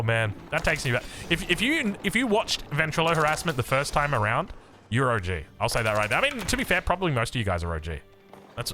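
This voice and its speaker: Excitable Australian man casting a game. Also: a little high. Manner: excitable, chatty, jokes and digresses. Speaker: game caster. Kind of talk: live strategy game commentary.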